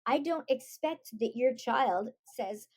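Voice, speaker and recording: A middle-aged woman, a guest on a podcast, telling stories in a lively way and acting out the voices she quotes. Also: high-pitched, slow pace. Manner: animated storytelling, acts out quoted voices. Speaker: guest, author and parent. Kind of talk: conversational podcast interview.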